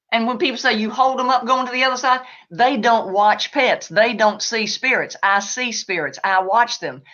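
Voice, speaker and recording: A woman answering live questions as an animal spirit medium, emphatic and animated. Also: fairly high pitch, normal speed, lo-fi sound.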